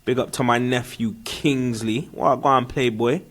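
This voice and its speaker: A man's voice: medium pitch, fairly even intonation, moderate pace, a bit bright. A man hosting a casual podcast chat, reading viewer comments aloud in slangy street talk. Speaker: podcast host.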